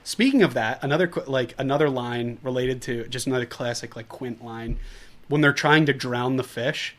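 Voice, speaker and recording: A man co-hosting a movie podcast, in a loose, laughing mood. He talks in a relaxed way at an ordinary pitch and fills his retellings with "like.". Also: moderate pace. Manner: laughs often, animated retellings with lots of "like". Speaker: podcast co-host. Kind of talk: casual movie chat.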